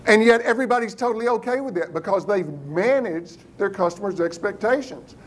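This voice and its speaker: A man giving a motivational business talk to a live audience, lively and engaging, often putting questions to the room. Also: high-pitched, fairly quick. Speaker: keynote business speaker.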